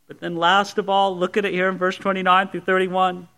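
A man's voice: high-pitched, steady tone, a little fast, few pauses, fairly bright tone. A man preaching a sermon, reading scripture and swinging between conversational asides and emphatic, rising declarations. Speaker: pastor.

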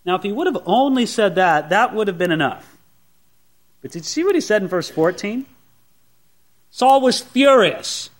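A man preaching a sermon, teaching through a Bible passage in an animated way and acting out the characters' lines. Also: high voice, normal speed. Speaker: pastor.

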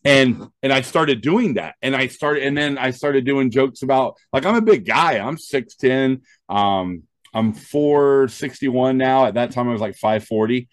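Heard at a medium pitch and measured pace with no echo, a male stand-up comedian and show host sits as an interview guest. His animated anecdotes lean on quoted dialogue and are peppered with "um."

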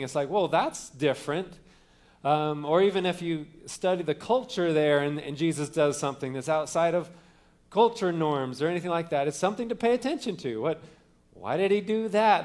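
A man preaching a sermon, opening with a quiet prayer and then teaching in a conversational way, with fillers and restarts. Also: fairly high pitch. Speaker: pastor.

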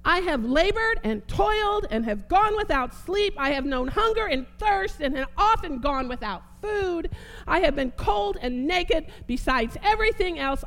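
A woman preaching a sermon, fervent, repeating phrases and swinging between soft and emphatic delivery. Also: extremely high pitch.

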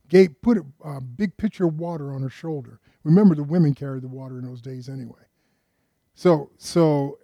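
Mellow-voiced man preaching a sermon. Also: medium pitch, no room sound, studio quality. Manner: asks the congregation rhetorical questions; addresses listeners directly and earnestly. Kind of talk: conversational sermon.

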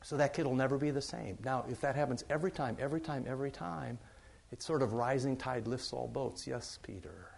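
A pastor speaking to his congregation in an easygoing, conversational sermon. His voice sits at an ordinary middle pitch for a man. He circles back on key words, saying them two or three times to drive a point home. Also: fairly even intonation, a little fast, vocal fry, darkish tone. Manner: conversational, repeats phrases for emphasis.

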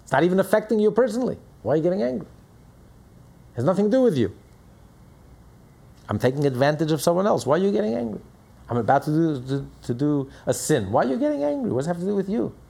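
A man's voice: high-pitched, big pitch swings, fast, vocal fry, pauses often, mellow, breathy edge, pitched above the performer's own voice, full character voice. A man voicing an indignant male wrongdoer who keeps asking, with exasperation, why anyone should care about his sin. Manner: defensive, exasperated questioning. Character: indignant male wrongdoer protesting being scolded.

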